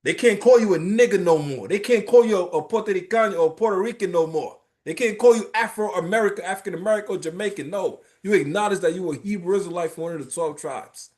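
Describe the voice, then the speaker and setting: A man teaching a religious class in an informal, emphatic preaching style, often checking in with "right?" and telling lively, streetwise stories. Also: high-pitched, quick pace, hardly any pauses. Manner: emphatic, keeps asking "right?".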